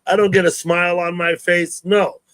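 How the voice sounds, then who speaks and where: Easygoing guy hosting a live stream, fairly high voice, dry close sound. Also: flat delivery, normal speed, fairly bright tone, clear, resonant tone, no room sound. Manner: easygoing, greets viewers by name. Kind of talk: casual live stream chat.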